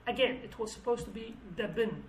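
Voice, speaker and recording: A woman's voice: a little high, a little slow, echoey room, far from the mic, a little hiss or hum, poor audio. A woman whose first language is Kurdish, explaining song lyrics word by word in English as a teacher, thinking aloud and restarting her phrases.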